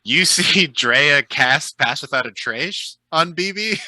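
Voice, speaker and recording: Guy running a tabletop game, super bright voice, dry close sound, laid back with lots of ums. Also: medium pitch, no room sound, poor audio. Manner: relaxed, chatty, with frequent fillers. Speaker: game master.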